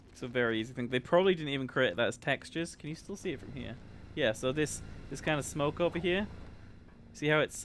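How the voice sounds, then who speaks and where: A young man chatting casually while livestreaming a game, excitable and prone to nerdy tangents about graphics. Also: medium pitch, a little hiss or hum. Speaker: game streamer.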